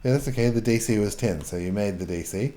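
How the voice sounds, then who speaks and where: A man narrating a tabletop game as game master, halting with fillers and restarts. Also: fairly low pitch, warm tone.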